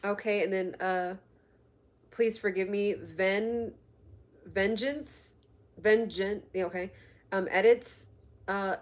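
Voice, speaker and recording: An unhurried woman with a mid-range voice hosts a casual health and fitness live stream. She laughs frequently, keeps things chatty, and reads audience comments aloud.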